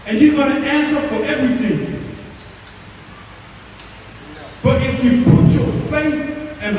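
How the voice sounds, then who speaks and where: A man preaching an impassioned altar-call sermon at a concert, rising to shouts, recorded from a distance in a large hall with music underneath. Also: extremely high pitch, slight background noise. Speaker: evangelist. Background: music playing under the sermon.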